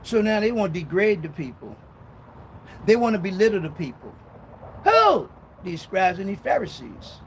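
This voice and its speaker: A man preaching a sermon in a loud, fiery way, swinging between shouting and low muttering. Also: very animated, normal speed, pauses often, slight background noise, low-quality recording. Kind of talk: street-style sermon.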